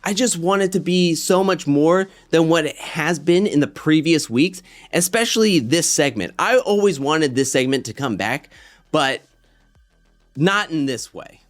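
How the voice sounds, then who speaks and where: High-voiced guy ranting casually on his commentary show, animated, gets worked up. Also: a little slow, soft background music. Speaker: reality TV commentary host.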